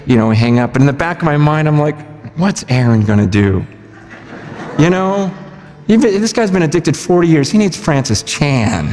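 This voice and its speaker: A man preaching a sermon, telling a story in a lively, conversational way that breaks into shouts. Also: fairly high pitch, fairly quick, big-room sound, background noise. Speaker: pastor.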